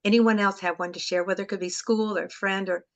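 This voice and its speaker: A woman leads an online group talk over a video call, speaking at a middle pitch. She tells a personal story with heartfelt emotion, drawing listeners into her memories. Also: steady tone, fairly quick, lo-fi sound. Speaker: webinar host.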